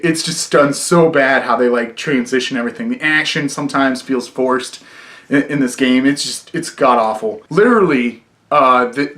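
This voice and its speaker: A man's voice: medium pitch, a bit bright. Rambling young guy reviewing a movie. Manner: rambling, filler-heavy, swears a lot. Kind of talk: casual review vlog.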